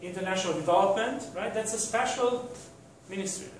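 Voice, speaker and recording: A man's voice: high voice, brisk. Man, university lecturer, hesitant with fillers, very reverberant hall, distant mic, faint room noise. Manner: hesitant, many fillers and restarts. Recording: very echoey room from far off.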